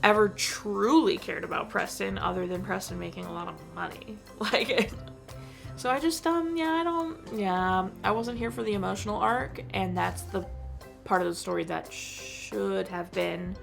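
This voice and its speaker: A woman's voice: medium pitch, moderate pace, gravelly, faint music behind. A woman giving a casual movie review, rambling and exasperated, saying "like" constantly. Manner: rambling, heavy use of "like", exasperated. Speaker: film reviewer vlogger.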